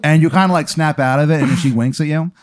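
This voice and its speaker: A man's voice: a little high, steady tone, fast talker, faint music behind. A man running an improvised comedic story as game master, rambling through fillers and restarts.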